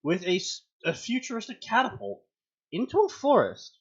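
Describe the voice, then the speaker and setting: A man hosting a fanfiction reading show, reading aloud with mocking commentary and acting out quoted lines in loud, high outbursts. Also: sing-song, normal speed, slightly rough, muffled recording.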